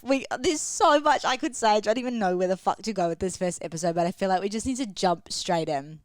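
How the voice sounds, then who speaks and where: A young woman in her twenties talks straight to her listeners in a frank, casual solo podcast, swearing freely. Her voice sits a little low. The sound is close and dry. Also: no echo. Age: 20s. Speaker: podcast host and women's coach. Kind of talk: candid solo podcast chat. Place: at home, sitting on the floor against a wall.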